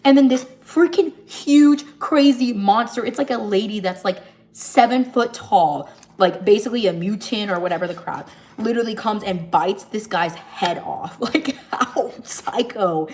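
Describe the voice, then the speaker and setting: A woman hosting a casual livestream, telling the story of a movie while she cooks and acting out the characters' lines with lively energy. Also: mid-range voice, moderate pace. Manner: animated storytelling, jumps between narrating and acting out lines. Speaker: livestream host. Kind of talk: casual chat retelling a movie while cooking.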